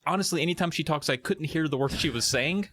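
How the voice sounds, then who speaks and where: A man's voice: a little high, quick pace, a bit bright, a little hiss or hum. A man co-hosting a podcast, giving wry, casual commentary on a movie. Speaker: podcast co-host. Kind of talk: casual movie recap chat.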